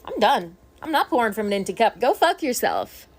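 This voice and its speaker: A woman's voice: on the high side, big pitch swings, a little fast. A woman delivering a sarcastic monologue built on repeated retorts. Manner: sarcastic, repetitive refrains. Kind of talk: social video monologue.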